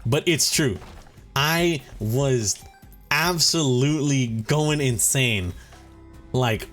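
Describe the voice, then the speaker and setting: Young male gaming host, mid-pitch voice, tired and rambling, faint music underneath. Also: extremely slow, long pauses. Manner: rambling, animated storytelling with acted-out quotes. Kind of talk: casual chat over gameplay.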